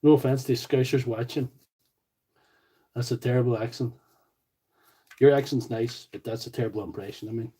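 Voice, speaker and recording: With a warm, slightly rough, medium-pitched voice, a man from County Tyrone speaks in a Northern Irish accent at normal speed, with fairly even intonation and frequent pauses. Fixing tools on a livestream, he jokes, rambles, and answers viewer comments, all in poor audio.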